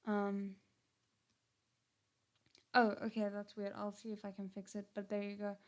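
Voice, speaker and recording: Woman chatting slow on her stream, kinda gruff, lots of ums. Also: mid-range voice, monotone. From South Africa. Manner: hesitant, many ums and restarts, thanks viewers. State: slightly gruff voice. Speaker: channel host on a livestream. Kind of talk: casual livestream chat. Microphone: headphones and desk mic.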